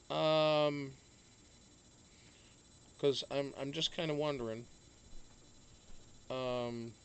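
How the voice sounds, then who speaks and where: Guy chatting on his home stream, kinda high voice, swears a lot, faint hiss behind. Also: gravelly. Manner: rambling, swears freely, lots of fillers. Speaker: live stream host. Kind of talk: casual chat.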